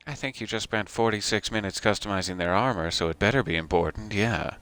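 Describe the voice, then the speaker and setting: A man's voice: lowish voice, brisk, a bit bright, no room sound. A man giving casual, joking commentary while playing a video game as the host of a let's play. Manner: joking, self-deprecating asides.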